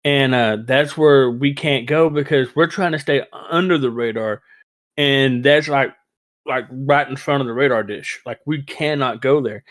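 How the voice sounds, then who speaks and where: A man hosting a casual fan podcast, talking in an excitable, rambling way and laughing easily. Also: mid-range voice, measured pace. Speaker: podcast host.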